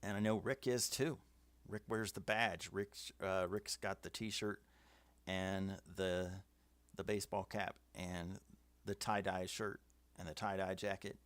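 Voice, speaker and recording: A man's voice: low-pitched, fairly even intonation, unhurried, fairly bright tone, dry recording. A man hosting a casual livestream, giving firm opinions and reading out viewer comments. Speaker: livestream host. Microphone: webcam setup.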